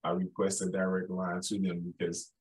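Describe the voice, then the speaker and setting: A man's voice: sits low, monotone, normal speed, husky, low-quality recording. A man from Chicago with a Chicago accent tinged with the South, chatting casually and agreeably. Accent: Chicago with Southern traces. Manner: agreeable, often says "yes, indeed", laughs easily. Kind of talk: casual conversation.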